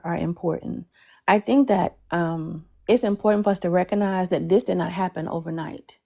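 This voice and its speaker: Gravelly, low-toned woman addressing a group. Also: warm tone. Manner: measured and persuasive, with some hesitations. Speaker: speaker in an online group call. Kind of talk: speech to a group.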